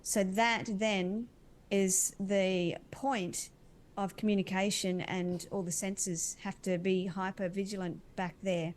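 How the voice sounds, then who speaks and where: A woman's voice: mid-range voice, flat delivery. Earnest dreamy woman describing visions. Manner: earnest, dreamy, slow-winding. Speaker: animal communicator.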